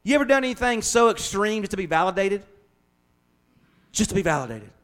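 A man preaching a sermon as pastor, folksy and conversational, speeding up and slowing down as he goes. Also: sits high, very animated, a bit bright. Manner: folksy, conversational preaching with shifting pace and volume.

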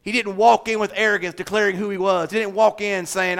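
Man pastor, sermon in church, high-pitched voice, bright tone, loud then hushed, joking asides. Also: fairly quick, few pauses. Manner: animated, swings from shouting to hushed, joking asides.

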